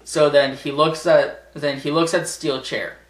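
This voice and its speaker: A man's voice: fairly high pitch, steady tone, a little slow. Sarcastic, rambling man in an echoey room. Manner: rambling and sarcastic, laughs at his own jokes, swears. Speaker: vlogger. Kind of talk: casual commentary vlog.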